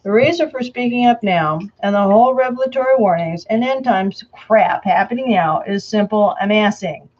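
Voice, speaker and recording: A woman reading a prepared statement aloud, slowly and emphatically. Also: mid-range voice, darkish tone, dull audio. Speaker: self-proclaimed Antichrist answering questions.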